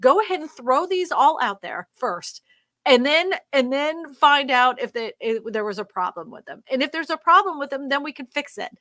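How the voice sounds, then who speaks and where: A woman's voice: high-pitched, expressive, moderate pace, sharp tone, no room sound. A woman hosting a real estate live stream. She reads viewer comments aloud and answers them in an emphatic, ranting way, laughing often.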